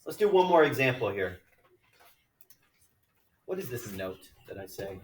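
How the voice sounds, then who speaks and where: Chatty math teacher in an echoey classroom. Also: male voice, medium pitch, big pitch swings, unhurried, far from the mic. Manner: chatty, jokey, thinks aloud while working problems. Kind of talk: classroom lecture.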